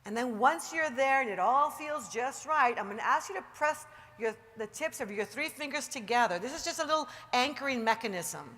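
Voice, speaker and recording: A woman giving an emphatic motivational talk to a live audience, later guiding a slow, soothing relaxation exercise. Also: sits high, lively intonation, a bit bright, long reverb tail, slight background noise. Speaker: motivational speaker leading a guided meditation. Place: large hall with an audience.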